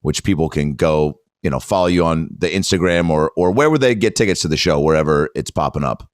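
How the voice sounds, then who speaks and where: Deep-voiced podcast host, lively and dry. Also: male voice, a little fast, dry recording. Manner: joking, laid-back, says "dude". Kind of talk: casual podcast interview.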